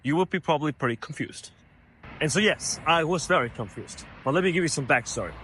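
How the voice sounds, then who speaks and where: Animated young storyteller. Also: male voice, a little high, fairly quick, a little hiss or hum. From Germany. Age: young adult. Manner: animated, many fillers like "like" and "you know". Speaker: vlogger, college student. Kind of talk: casual storytime.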